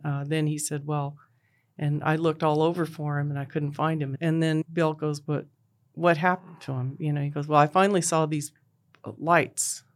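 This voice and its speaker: A middle-aged woman recounting a painful personal story in an interview. She talks in a halting, everyday way, stringing the events together with "and then" and "he goes", with frequent "uh" between them. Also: sits low. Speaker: interviewee, bereaved mother. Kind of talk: personal retelling.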